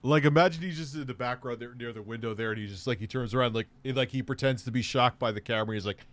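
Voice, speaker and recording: A man's voice: medium pitch, fast, a bit bright, slight background noise. A man hosting a live stream, chatting casually with rambling, mocking and profane remarks. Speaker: livestream host. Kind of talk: casual chat.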